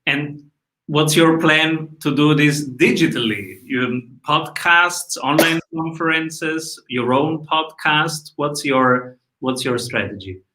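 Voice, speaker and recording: Slow, bright-voiced interviewer on a call. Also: male voice, on the high side, echoey room, a little hiss or hum, rough recording. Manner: asks short questions with pauses. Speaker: podcast host. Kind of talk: interview questions.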